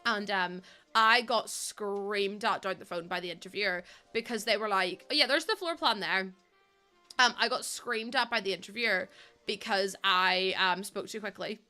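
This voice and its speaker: A woman's voice: mid-range voice, fairly even intonation, moderate pace, bright, forceful tone, faint music behind. A young woman, chatting casually to viewers while live-streaming a building game, laughing often. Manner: chatty, laughs often, acts out quoted voices.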